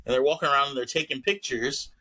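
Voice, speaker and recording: A young man co-hosting a podcast, chatting casually and telling stories loudly with lots of laughter. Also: mid-range voice, fast talker, poor audio. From New York. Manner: loud animated storytelling, lots of laughing. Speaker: podcast co-host. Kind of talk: casual chat.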